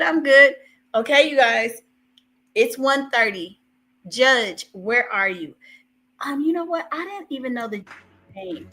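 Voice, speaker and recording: Hosting a live stream with slight background noise, this woman has a bright, forceful mid-range voice. She keeps up lively, casual commentary with her chat while waiting, frequently breaking into laughter between remarks.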